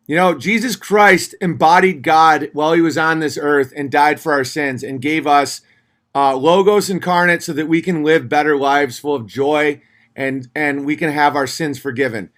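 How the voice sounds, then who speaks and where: A man in his thirties hosting a casual livestream, reading viewer messages aloud and answering them sardonically, switching between mocking voices and low mutters. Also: normal speed, a bit bright.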